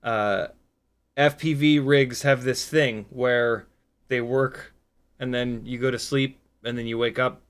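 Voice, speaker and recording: A tired man in his forties or older hosts a casual livestream, talking at an ordinary mid pitch. He rambles candidly with plenty of fillers, reads viewer comments aloud and drops self-mocking asides. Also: fairly even intonation, slow pace, clear, resonant tone. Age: 40s or older. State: tired, sleep deprived. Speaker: FPV drone livestream host.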